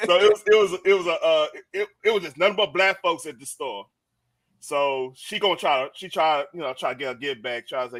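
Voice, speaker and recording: Bright-voiced man telling a rambling story. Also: on the high side, brisk. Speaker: podcast co-host. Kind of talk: casual storytelling.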